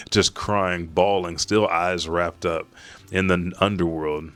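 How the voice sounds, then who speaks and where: A man hosting a manga reaction, retelling a chapter in a profane, animated way. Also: low voice, slow pace, no room sound. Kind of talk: casual chapter recap.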